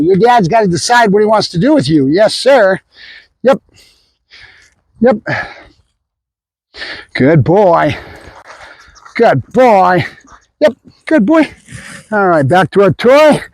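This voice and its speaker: A man with a high, animated voice runs a puppy training demo, talking casually to viewers as guys. He keeps switching to bursts of excited praise for the dog. The sound is dry and close. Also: normal speed, no room sound, poor audio. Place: outdoors at a training area.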